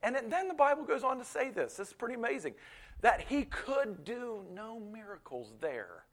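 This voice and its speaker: A man who is a pastor, preaching a sermon in a storytelling way that swings between loud bursts and quiet asides. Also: high voice, sing-song, normal speed.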